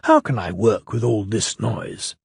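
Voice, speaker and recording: A man's voice: fairly low pitch, unhurried, gravelly, slightly rough, no echo, studio quality, voice pushed down, heavily acted. A man voicing a stern, fussy male railway boss in a storybook reading, speaking severely but with kindness.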